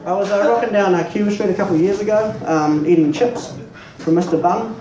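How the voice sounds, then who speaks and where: A young New Zealand man delivers a stand-up set in a dry, deadpan, foul-mouthed way, his voice sitting a little high. He is picked up from a distance in a boomy, echoing pub room. A steady murmur of bar noise runs underneath. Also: brisk. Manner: deadpan, profane, self-mocking. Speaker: stand-up comedian. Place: small pub stage. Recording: echoey pub room, mic far off, noisy.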